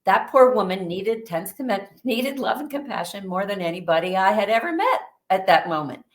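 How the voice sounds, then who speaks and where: A woman guest, a bit under the weather, telling a vivid story in an animated way during an interview. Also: mid-range voice, moderate pace.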